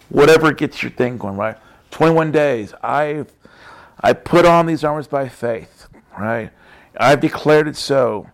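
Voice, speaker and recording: A man sharing a Christian testimony in a casual, talky way. He repeats his phrases emphatically and keeps checking in with his listener. His pitch sits mid-range for a man. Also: unhurried. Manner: repetitive, emphatic, frequent "right?" tags. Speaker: Christian speaker.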